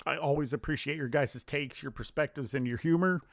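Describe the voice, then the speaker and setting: A man's voice: on the high side, brisk, vocal fry, no echo, clean studio sound. A man delivering a heated, profane solo rant as a sports commentary vlogger, scornful and blunt. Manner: heated, profane, contemptuous ranting.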